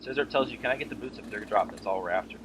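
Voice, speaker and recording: A man arguing fast and combatively over voice chat as a guild raid leader, swearing freely. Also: fairly low pitch. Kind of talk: heated voice-chat argument. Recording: noisy voice-chat recording.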